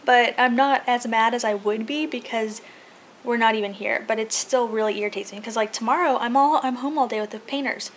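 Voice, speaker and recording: Chatty young mom vlogging at home. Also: female voice, on the high side, a little fast, a little hiss or hum. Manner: chatty, animated storytelling with quoted voices. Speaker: family vlogger. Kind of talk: casual vlog chat. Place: house being painted, indoors.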